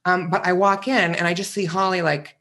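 A man's voice: sits high, flat delivery, brisk, sharp tone. A man co-hosting a podcast in casual chat, campy, witty and opinionated. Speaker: podcast co-host.

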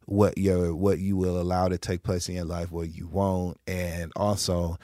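A man co-hosting a podcast in casual chat, animated and laughing as he retells jokes. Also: sits low, unhurried, no echo, studio quality. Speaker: podcast co-host.

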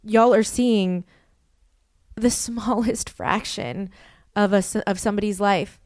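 A woman's voice: mid-range voice, fairly even intonation, slow, a little mellow, dry recording, clean studio sound. A woman in her thirties hosting a podcast, speaking candidly and emotionally with frequent restarts and self-deprecating laughs. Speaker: podcast host. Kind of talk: candid personal monologue.

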